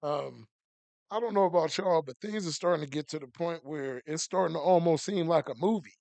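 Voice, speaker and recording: Gravelly male co-host, slightly higher voice, calm news read, dry mic. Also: no echo. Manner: measured, low-key news commentary. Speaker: podcast co-host. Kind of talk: casual chat and news segment.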